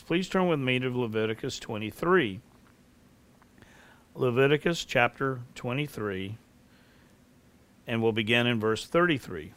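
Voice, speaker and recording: A middle-aged man preaching a sermon, speaking earnestly and reading scripture aloud at a measured pace. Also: medium pitch, fairly bright tone, clean tone. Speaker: pastor.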